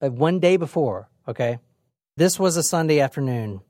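A young adult woman hosts a casual true crime podcast, her voice fairly low but very animated. She tells the story with loose swearing and acts out what people said. The sound is close and dry. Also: moderate pace, no room sound. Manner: lively, swearing, laughs often, acts out quotes. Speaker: podcast host.

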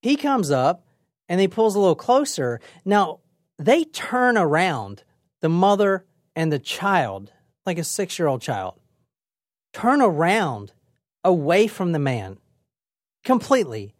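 A young adult woman hosting a casual true crime podcast, telling the story in a lively, chatty way with swearing and acted-out quotes. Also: on the low side, slow, pauses often, no room sound, clean studio sound. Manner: lively, swearing, laughs often, acts out quotes. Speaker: podcast host.

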